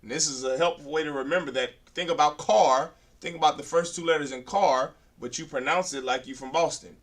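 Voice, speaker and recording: A man's voice: fairly high pitch, brisk, distant mic. A man teaching a beginner language class, drilling letters aloud and then lecturing firmly.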